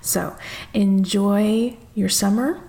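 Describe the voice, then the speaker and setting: Woman host, bubbly and gushing, with some vocal fry. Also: medium pitch, steady tone, warm tone. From United States. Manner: bubbly, gushing, quick to laugh. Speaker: podcast host. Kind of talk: casual interview chat.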